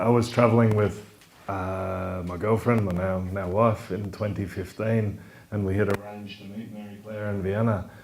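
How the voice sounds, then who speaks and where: Halting man introducing a speaker. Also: fairly low pitch, a little hiss or hum. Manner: relaxed, halting with fillers. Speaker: event host. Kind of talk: casual spoken introduction.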